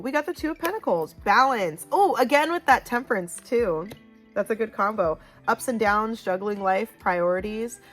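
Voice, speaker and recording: A woman at an ordinary middle pitch talks through a casual tarot card reading. She is loud and chatty and fills her sentences with "like" and "you know". Faint music plays underneath. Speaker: tarot reader.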